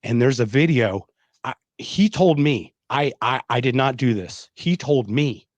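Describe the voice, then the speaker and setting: A man's voice: mid-range voice, measured pace, no echo. A middle-aged man hosting a podcast, telling a personal story in casual conversation and acting out the lines of people he quotes. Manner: animated, emphatic storyteller who acts out quoted dialogue. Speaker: podcast host.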